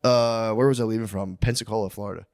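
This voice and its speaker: A man's voice: on the low side, fairly even intonation, fast talker, darkish tone, smooth, no echo, studio quality. A man co-hosting a podcast in casual chat, telling stories with lots of laughter and acting out the people in them. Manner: laughing storyteller, acts out people in his stories. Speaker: podcast co-host.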